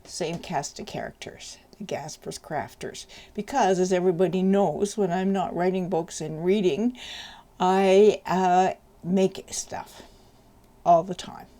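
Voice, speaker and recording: A woman's voice: lowish voice, unhurried, warm tone. A woman author reading the opening of her novel aloud, with chatty, self-deprecating asides.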